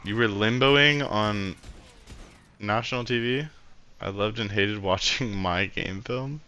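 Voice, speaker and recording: A man's voice: lowish voice, slow, bright, forceful tone, clean tone. A young man streaming, reviewing a match replay in casual commentary, blunt and frustrated, swearing freely.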